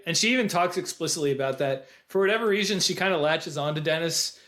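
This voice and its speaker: Male podcast co-host, slightly high voice, animated retelling with quoted lines. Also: quick pace. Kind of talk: casual film discussion.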